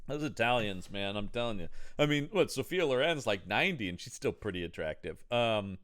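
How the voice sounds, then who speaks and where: Lively, mocking man reviewing a movie. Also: brisk, no room sound. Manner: animated, mocking, acts out scenes in sudden high voices. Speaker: podcast co-host. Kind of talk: casual movie review chat.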